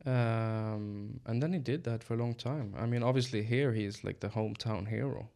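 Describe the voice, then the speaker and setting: A man's voice: fairly low pitch, moderate pace, vocal fry, a little mellow. A man with a Swedish accent chatting casually on a podcast, thinking aloud with ums and restarts. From Sweden. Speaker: podcast co-host. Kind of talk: casual chat.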